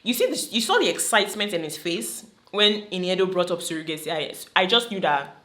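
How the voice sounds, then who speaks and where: A woman with a Nigerian accent giving animated, opinionated commentary on a reality show, slipping into Pidgin. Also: fairly low pitch, fairly quick. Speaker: vlogger reacting to a reality show. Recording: roomy echo.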